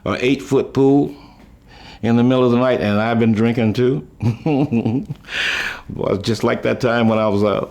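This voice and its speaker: A man's voice: measured pace, pauses often, a little mellow. Older guy spinning loose folksy stories, chuckles a lot, voice right in the middle. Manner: chuckling, folksy, trails off and restarts; raises his voice high when quoting others. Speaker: musician recalling his life. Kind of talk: rambling storytelling.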